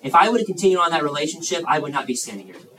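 A man in his thirties preaching a sermon to young people, swinging between loud emphatic bursts and hushed asides. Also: a little high, sing-song, very fast, recorded from a distance, slight background noise, low-quality recording.

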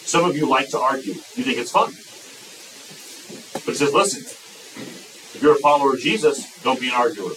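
A man's voice: medium pitch, animated, a bit bright, a little hiss or hum. Emphatic preacher man, distant mic. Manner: emphatic, repeats phrases, slows for quoted scripture. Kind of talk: sermon.

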